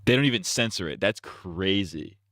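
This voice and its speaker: A man streaming, talking to himself as he works out parody song lyrics, trying lines out loud with bursts of sung falsetto. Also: lively intonation, normal speed, dry recording, studio quality. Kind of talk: casual livestream chat.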